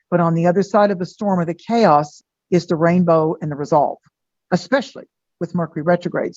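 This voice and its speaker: A woman astrologer, a guest on a podcast, talking in a chatty way and acting out bits of dialogue in lively voices. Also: lowish voice, no room sound, dull audio. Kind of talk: podcast interview.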